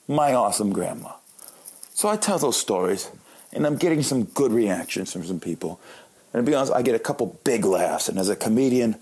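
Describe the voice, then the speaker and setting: A man's voice: lowish voice, animated, moderate pace, a little mellow, breathy edge. A man in his late thirties, a comedian, telling joking, self-deprecating stories in a monologue. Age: late 30s. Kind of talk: comic storytelling monologue.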